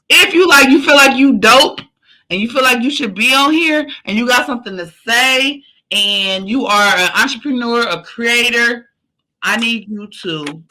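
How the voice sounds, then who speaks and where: Her voice a little high, pushed and bright, a woman wraps up her podcast with a fired-up motivational speech captured in poor audio. She keeps hammering each point, urging listeners on in loose slang and dropping a curse word here and there.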